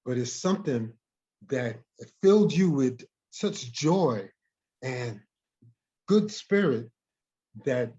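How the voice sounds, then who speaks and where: A man, a guest in an interview, telling a story in an animated way, often repeating and restarting words. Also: mid-range voice, slow pace, pauses often. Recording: dull lo-fi recording.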